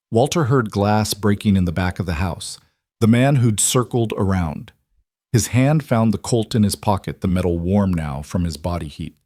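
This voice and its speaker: A man narrating a suspense story in a measured, scripted way. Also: fairly low pitch, animated, warm tone, no echo, studio quality.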